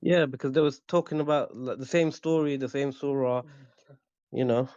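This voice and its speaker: A man's voice: medium pitch, fairly even intonation, moderate pace, a little mellow. A man from Bangladesh calling into a live online debate, answering hesitantly and casually with many fillers and restarts. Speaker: debate caller. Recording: dull, dry, lo-fi call audio.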